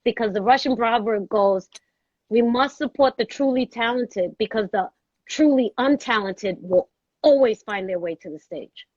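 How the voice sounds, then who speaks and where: Her voice is a little high and her speed normal. She's a Brooklyn, New York actress telling a story as a guest, vividly acting out quoted voices, captured in a dull, dry recording.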